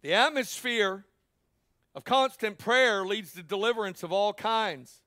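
A male pastor, preaching a sermon with passion that swells into shouts, broken up by joking asides. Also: sits high, a little slow, no echo, clean studio sound. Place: church.

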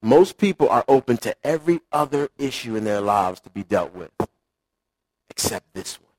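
A man preaching a sermon in an animated, conversational way, acting out quotes. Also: mid-range voice, moderate pace. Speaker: pastor.

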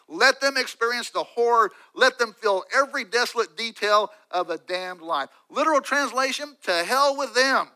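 A man preaching a sermon, swinging from loud emphatic lines to quiet asides. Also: sits high, moderate pace, rough recording. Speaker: pastor.

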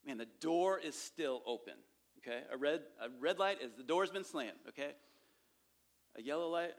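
A pastor preaches on sharing faith in a conversational style, repeating his points and frequently checking in with "okay?". His voice is fairly high, with lively intonation and a fairly quick pace.

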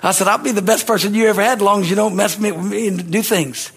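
A middle-aged male pastor preaching a fervent sermon, with a husky voice, swinging from low murmurs to shouted bursts and calling for amens. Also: fairly even intonation, quick pace, soft background music. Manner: asks the congregation for amens.

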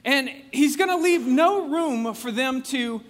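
High-voiced man preaching in a big hall. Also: unhurried. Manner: animated, chatty, acts out quotes with frequent restarts. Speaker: pastor. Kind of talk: conversational sermon. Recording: long reverb of a large hall.

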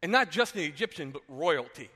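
A man preaching a sermon as a pastor, retelling a story in an animated way and acting out the characters. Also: a little high, brisk, long reverb tail. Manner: animated, acts out characters, asks "right?". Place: church sanctuary.

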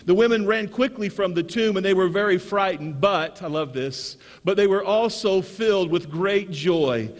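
Male preacher, high voice, keeps repeating lines and asking for amens, big echoey church. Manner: calls for amens, repeats key phrases. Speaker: pastor. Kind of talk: Easter sermon. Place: church sanctuary.

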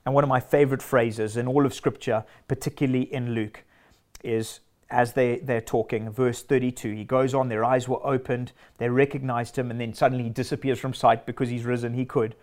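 A man's voice: medium pitch, little pitch movement, fairly quick, darkish tone. A man preaching a sermon in an earnest, emphatic way, stacking short declarations.

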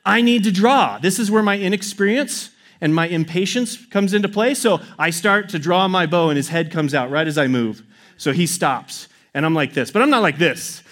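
A man preaching to a congregation, telling a personal story in a casual, animated way. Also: fairly high pitch. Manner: animated, acts out his story with quick inner quotes. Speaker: pastor. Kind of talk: sermon storytelling.

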